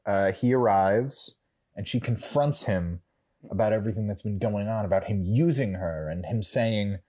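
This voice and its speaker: A man's voice: on the low side, normal speed, a little mellow. A man co-hosting a podcast, recapping an episode in casual chat, rambling and correcting himself with dry humor. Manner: rambling, self-correcting, wry. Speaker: podcast co-host.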